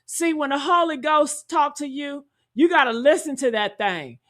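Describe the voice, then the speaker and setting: A woman giving heated, profane reaction commentary, talking loudly and indignantly and calling out to her viewers. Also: high-pitched, normal speed. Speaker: commentary streamer.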